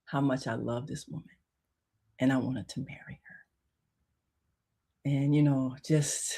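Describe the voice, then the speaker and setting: Low-voiced woman radio host telling a story. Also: fairly even intonation, slow pace, long pauses, breathy edge. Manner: emotional, swings from hushed to loud; conversational, many "you know" fillers. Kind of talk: personal storytelling on spiritual topics.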